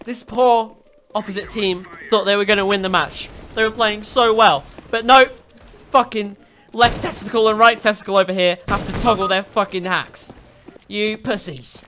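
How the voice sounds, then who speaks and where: A woman doing ranting game commentary, loud, profane and mocking, swinging between shouting and muttering. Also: medium pitch, normal speed. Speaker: gaming commentator. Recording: voice over loud background music. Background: background music.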